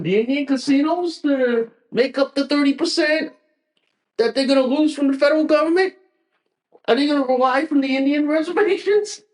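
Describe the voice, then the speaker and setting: A male podcast host delivering a profane, repetitive, combative political rant, speaking directly to his listeners. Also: high-pitched. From Connecticut. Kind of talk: ranting political commentary.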